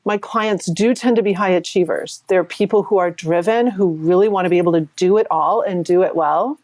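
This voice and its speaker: A woman in her sixties from New Hampshire, a performance coach telling her story as an interview guest in a chatty, animated way with frequent laughs. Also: fairly low pitch, brisk, dry recording. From New Hampshire, USA. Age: 60s. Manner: chatty, laughs often, animated retelling with quoted voices.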